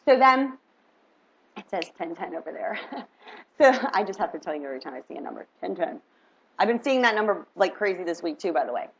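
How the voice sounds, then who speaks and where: A middle-aged woman telling a story in a casual, animated vlog, chatty and full of "like" and "right?". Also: lowish voice, fairly quick, vocal fry. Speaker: vlogger. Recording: dull lo-fi recording.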